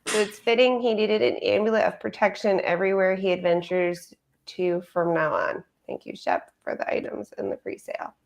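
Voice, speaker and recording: A woman's voice: mid-range voice, animated, moderate pace, gravelly. A woman hosting a casual livestream chat, chatty and playful, laughing often. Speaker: host.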